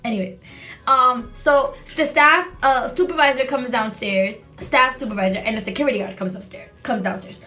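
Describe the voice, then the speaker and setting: A woman's voice: a little high, moderate pace, sharp tone, faint music behind. A young woman telling a storytime in casual chat, rambling and sassy, swearing freely.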